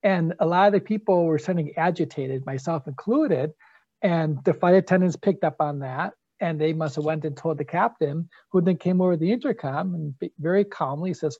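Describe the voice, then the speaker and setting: Interview host, calm storytelling, mellow tone, dull dry recording. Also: medium pitch, brisk, slightly rough, dry recording.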